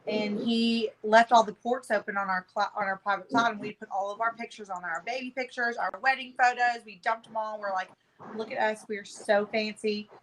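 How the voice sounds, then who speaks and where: A woman in her thirties, a podcast guest telling a story in casual chat with a profane, animated manner. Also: medium pitch, brisk, slight background noise, low-quality recording.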